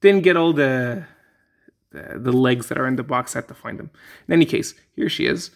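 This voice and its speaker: A man casually reviewing a collectible figure, talking in a relaxed, rambling way with fillers and restarts. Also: mid-range voice, normal speed, gravelly. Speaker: toy reviewer.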